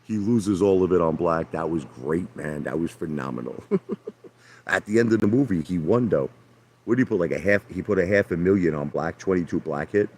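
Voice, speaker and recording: A man's voice: deep voice, animated, moderate pace, a little mellow, husky. A man hosting a livestream from his hot tub, rambling brashly to viewers, repeating himself and calling them out by name. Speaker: livestream host. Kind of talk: rambling live chat with viewers.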